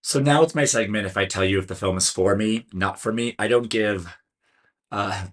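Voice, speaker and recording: A man's voice: lowish voice, moderate pace. A man with a Californian American accent, giving a chatty, earnest solo film review and stumbling now and then over names. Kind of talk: casual solo video review.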